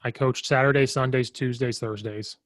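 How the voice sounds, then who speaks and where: A man's voice: medium pitch, steady tone, moderate pace, no room sound, clean studio sound. A man hosting a coaching podcast over a remote call, easygoing and joking. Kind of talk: casual podcast chat.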